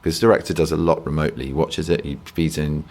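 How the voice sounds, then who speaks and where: A man's voice: rumbling low, steady tone, quick pace, creaky, a little mellow. A man, an actor as a guest, talking reflectively and self-deprecatingly in a rambling interview, often restarting sentences.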